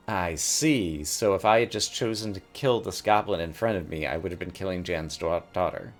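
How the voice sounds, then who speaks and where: A man's voice: deep voice, moderate pace, hardly any pauses, soft background music. A man hosting a let's play, reading the game's dialogue aloud and adding wry comments. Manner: reads game text aloud and comments wryly.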